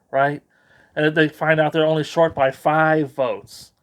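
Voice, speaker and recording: A man's voice: on the high side, flat delivery, unhurried, clean tone. A man giving a casual, rambling spoken book review with a sarcastic edge.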